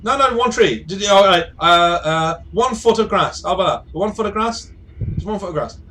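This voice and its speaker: A man doing an excitable high-voiced terraforming machine. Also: brisk. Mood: pleading. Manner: pushy, wheedling, excitable. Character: eager chatty male AI terraforming machine.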